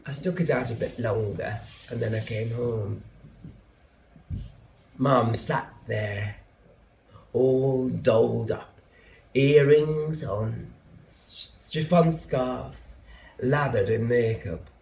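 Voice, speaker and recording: A lonely, anxious middle-aged son, telling his story in a slow, dry, gravelly voice. The sound is roomy, as on a theatre stage, with a faint hum behind it. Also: medium pitch, a little mellow. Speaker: stage actor in a monologue. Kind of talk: theatrical monologue narration.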